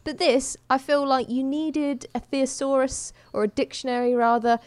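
A woman's voice: high voice, fairly even intonation, moderate pace, a little mellow, clean tone, no room sound. A woman co-hosting a podcast, chatting casually and laughing often as she recaps a TV show. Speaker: podcast co-host.

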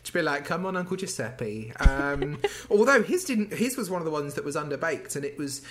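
A man with a fairly high voice co-hosts a podcast, briskly recapping a TV show in casual chat. He is an animated storyteller who acts out quotes and laughs, with background noise in the recording.

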